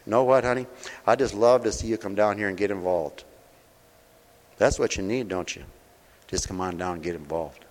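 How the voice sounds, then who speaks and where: A man preaching a sermon at a mission, folksy and direct, asking his listeners questions, his voice swinging between loud preaching and soft, close talk. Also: fairly low pitch, normal speed, long pauses, in a large hall. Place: mission hall.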